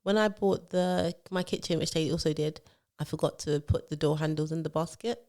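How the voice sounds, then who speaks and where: A woman with a low-pitched voice talks a little fast as co-host of a casual chat podcast. She tells stories animatedly and acts out what other people said.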